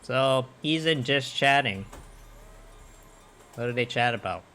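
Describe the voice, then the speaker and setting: A man's voice: mid-range voice, lively intonation, takes it slowly, sharp tone. A young man rambling casually on his livestream, swearing and restarting his sentences. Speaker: livestream host.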